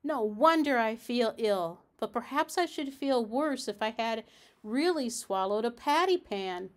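A woman's voice: fairly high pitch, expressive, measured pace. A woman voicing an anxious, polite little female dog in a storybook reading, in a fretful, genteel manner.

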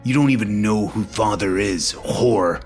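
A woman's voice: extremely low pitch, a little slow, darkish tone, faint music behind, voice pushed down. A woman reading a screenplay, voicing a menacing scarred male thug with a put-on Russian accent. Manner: cold, threatening.

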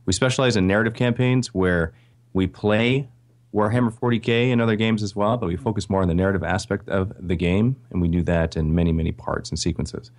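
A man's voice: deep voice, fairly quick, a little mellow. A man with a Canadian accent, chatting as a guest on a podcast in a friendly, self-deprecating and grateful way. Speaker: podcast guest, video creator. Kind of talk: casual interview chat.

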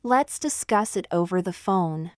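Brief: woman, smooth resonant voice, dry close sound, careful phrase-by-phrase reading for a language lesson. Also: on the low side, animated, a little slow, no echo. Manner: repeats each phrase twice, evenly. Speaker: English phrase speaker. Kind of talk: slow, clear phrase reading for learners.

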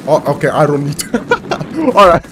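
A man hosting a reaction video, exclaiming and laughing often as he comments excitedly. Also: a little high, unhurried, background noise.

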